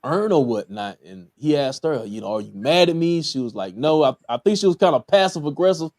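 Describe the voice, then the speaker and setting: A man's voice: fairly high pitch, animated, brisk, a little mellow, dry recording. A laid-back man with a Southern US accent runs a casual episode review, his voice rising and falling a lot as he talks. He leans on fillers and laughs at his own remarks. The sound is close and dry, with no room around it. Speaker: podcast host reviewing a TV episode.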